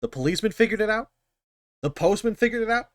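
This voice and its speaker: A man's voice: high voice, expressive, fast talker, dry recording, studio quality, voice pushed up. A man voicing a cocky, unhinged male film villain who taunts and mocks. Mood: taunting. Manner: taunting, mocking.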